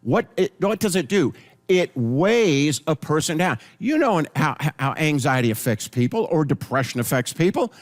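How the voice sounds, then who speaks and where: A man in a live class, teaching biblical counseling with a lively, swooping delivery that rises and falls a lot. His voice sits a little high for a man. He reads scripture aloud and stumbles into restarts and repeated words as he explains. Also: moderate pace.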